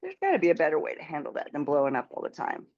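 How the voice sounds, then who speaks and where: Lively, low-voiced woman client on a slightly dull call line. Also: rapid-fire, dry recording. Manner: chatty, animated, laughs easily. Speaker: coaching client. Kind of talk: casual conversation.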